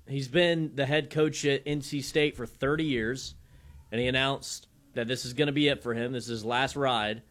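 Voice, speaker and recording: A man's voice: mid-range voice, fairly bright tone. A man co-hosting sports talk radio and giving upbeat, emphatic score updates.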